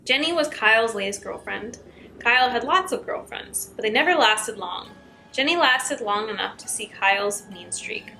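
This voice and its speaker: A woman's voice: fairly high pitch, animated, normal speed, pushed and bright, soft background music, poor audio. A young woman reading scary stories aloud as a YouTuber, breaking in with chatty asides.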